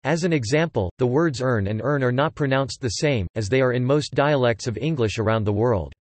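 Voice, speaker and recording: A synthetic male text-to-speech voice reading an encyclopedia article in an even, machine-like way. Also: mid-range voice, brisk, no room sound. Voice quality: flat, machine-like delivery with odd pronunciations.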